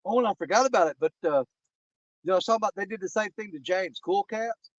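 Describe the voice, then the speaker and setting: A man telling animated, indignant stories in casual chat. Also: high voice, quick pace, dry recording. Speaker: angler co-host. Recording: dull lo-fi recording.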